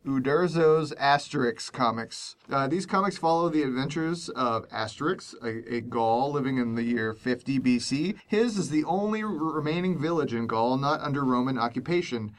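A man's voice: mid-range voice, normal speed, hardly any pauses. A man co-hosting a casual group chat, reading prepared notes and laughing at his own puns. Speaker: podcast co-host.

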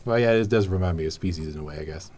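A man's voice: deep voice, racing, a little mellow, a little hiss or hum. A man hosting a casual library podcast, chatting in a rambling, enthusiastic way full of fillers. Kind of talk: casual chat.

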